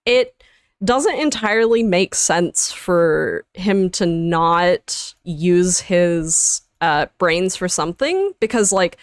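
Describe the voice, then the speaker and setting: Slow-talking woman, dry close sound. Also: on the low side, smooth, dry recording. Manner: chatty, many fillers, lively reactions. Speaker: stream co-host. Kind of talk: casual chat.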